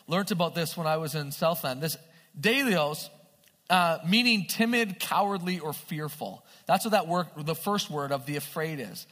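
A man preaching a sermon in an animated way, often checking with his listeners through questions. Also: high voice. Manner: animated, asks the audience questions. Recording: long hall reverb.

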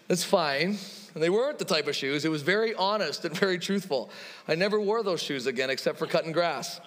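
A man in his thirties preaches to his congregation, slipping easily into personal anecdotes and acted-out conversations. His voice sits slightly high for a man. The sound carries the long reverb of a large hall. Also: animated, normal speed, fairly bright tone. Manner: conversational storytelling with laughs and quoted dialogue. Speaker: pastor. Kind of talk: sermon.

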